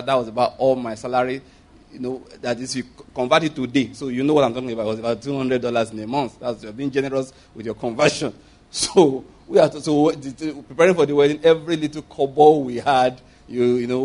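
A man's voice: medium pitch, a little mellow. A middle-aged man with a Nigerian accent preaching a sermon, emphatic, repeating phrases and acting out quoted speech.

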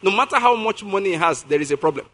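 An animated preacher with a high, bright, ringing voice reads scripture at a slow pace and explains it. He repeats key words to emphasize them. Questions to the audience come up again and again as he checks in with them.

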